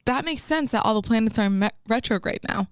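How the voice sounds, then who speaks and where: High-voiced laughing young woman. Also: brisk, clean tone, no room sound, studio quality. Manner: animated, laughing storyteller. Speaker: podcast co-host. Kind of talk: casual chat.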